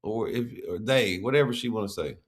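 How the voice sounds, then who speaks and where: A man's voice: fairly low pitch, a little fast. A man hosting a reaction video, ranting animatedly and profanely with frequent laughs. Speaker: host reacting to a clip. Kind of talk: casual reaction commentary.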